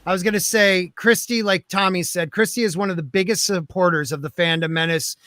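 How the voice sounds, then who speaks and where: A man's voice: high voice, steady tone, fairly quick, pushed and bright, no room sound, studio quality. A man hosting a livestream podcast, joking around and thanking viewers for their donations. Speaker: podcast host. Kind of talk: casual livestream chat.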